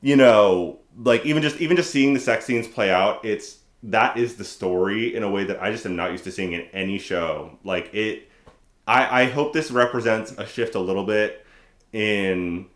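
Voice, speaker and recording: A man co-hosting a podcast, chatting casually and telling stories with quick mock voices. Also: fairly low pitch. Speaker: podcast co-host. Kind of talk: casual chat. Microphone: desk microphone. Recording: roomy echo.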